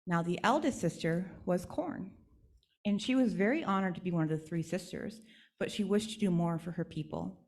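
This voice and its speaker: A woman's voice: on the low side, normal speed, creaky, darkish tone. A woman speaker at a church service, telling a traditional legend in an instructive, storytelling way.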